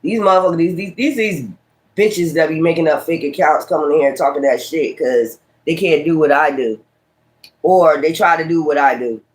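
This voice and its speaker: Profane man ranting, high voice. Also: moderate pace. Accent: Brooklyn, New York. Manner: profane, combative, scolding. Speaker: tarot reader. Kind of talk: casual tarot livestream rant.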